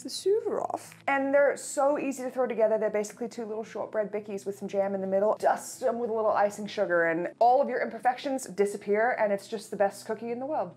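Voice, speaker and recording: Woman, thirties, baking show host, playful, chatty, jokey asides, faint music behind. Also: mid-range voice. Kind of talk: casual chatty baking tutorial.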